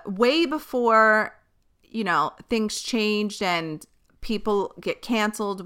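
A woman's voice: mid-range voice, pushed and bright. A young woman hosting a casual solo podcast, chatty and candid, swearing and laughing easily. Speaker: podcast host.

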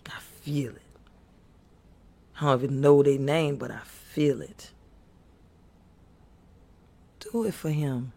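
A man's voice: medium pitch, steady tone, slow, gravelly, pauses often, mellow. A man preaching to his viewers with impassioned, earnest exhortation, pleading and repeating himself. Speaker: faith speaker.

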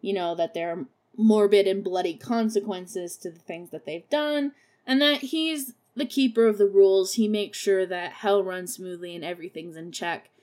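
A young woman's medium-pitched, slightly mellow voice moves at a moderate pace as she reviews a horror musical for her podcast. She keeps the recap unscripted and casual, sarcastic throughout, with plenty of swearing and quiet laughs at her own jokes.

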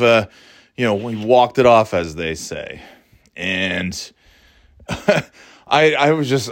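A middle-aged man hosting a podcast, rambling in casual chat, swearing and mocking himself. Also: mid-range voice. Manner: rambling, profane, self-mocking. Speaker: podcast host.

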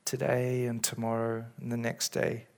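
A man preaching in a church, speaking as a pastor in an earnest, caring way with halting restarts, into a stage microphone. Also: medium pitch, monotone, darkish tone. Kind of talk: sermon. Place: church service. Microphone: handheld or stage microphone.

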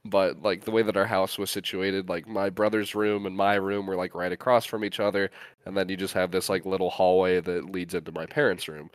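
Young Midwestern man, podcast co-host, meandering and relaxed, low and smooth. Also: fairly quick, no echo. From US Midwest, Great Lakes state. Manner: rambling, filler-heavy, relaxed. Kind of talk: casual chat.

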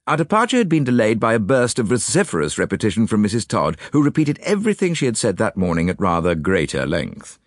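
A man reading a story aloud in a measured, storytelling manner. His voice sits low but moves through a very wide range of pitch. The recording is close and dry, with no room sound. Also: wildly swooping pitch, no room sound. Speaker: audiobook narrator. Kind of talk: scripted narration.

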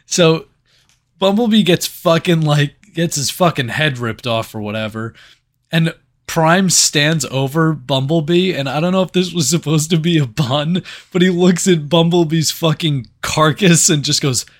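A man co-hosting a podcast, chatting casually about a movie, animated and swearing now and then. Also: a little high, unhurried. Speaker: podcast co-host. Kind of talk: casual movie review chat.

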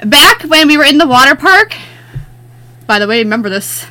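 Bright, high-voiced profane woman. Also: animated, normal speed. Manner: profane, blunt storytelling. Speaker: podcast co-host. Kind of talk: casual chat.

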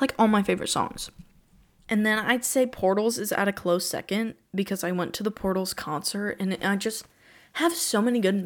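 Teen girl, podcast host, excitable solo chatter with quick gasps and exclamations. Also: mid-range voice. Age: teens. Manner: gushing, breathless, exclamations. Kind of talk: casual solo chat.

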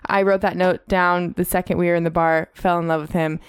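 A woman's voice: fairly low pitch, flat delivery, fairly quick, smooth, no echo, clean studio sound. A young woman co-hosting a podcast, telling a story in casual, chatty talk and swearing now and then. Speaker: podcast co-host. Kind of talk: casual chat.

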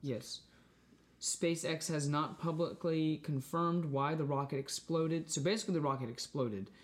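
Halting man reading a news article aloud. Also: fairly high pitch. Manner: halting reading, with restarts and stumbles. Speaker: podcast co-host.

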